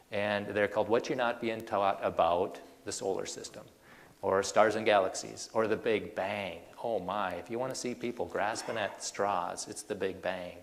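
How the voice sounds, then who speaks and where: A man giving an animated presentation to an audience, firing off rhetorical questions with casual fillers. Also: on the low side, vocal fry, big-room sound. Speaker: creationist speaker.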